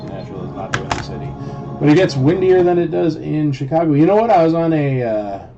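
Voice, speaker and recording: A man with a slightly high, very animated voice hosts a casual livestream toy auction at a quick pace, chatting, joking, and greeting bidders by name. The stream sounds dull and lo-fi, with loud music.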